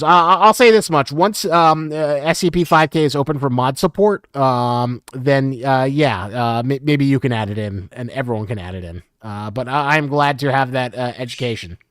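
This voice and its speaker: A man hosting a community live stream, reading out viewer questions in a casual, halting way with lots of fillers. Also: mid-range voice, a bit bright, no echo, clean studio sound. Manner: halting, many fillers, chuckles often.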